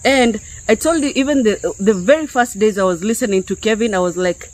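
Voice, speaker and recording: A woman's voice: medium pitch, fairly quick, a little mellow, low-quality recording. Woman preaching casually to her viewers. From Kenya. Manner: conversational, peppered with "yeah?" and "okay?". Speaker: YouTube preacher. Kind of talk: unscripted spiritual teaching to viewers.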